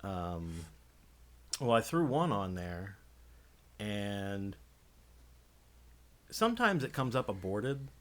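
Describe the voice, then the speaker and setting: A man co-hosting a podcast, telling a story in a casual, profane, animated way and mimicking the people in it. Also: on the low side, takes it slowly, pauses often. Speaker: podcast co-host. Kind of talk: casual chat.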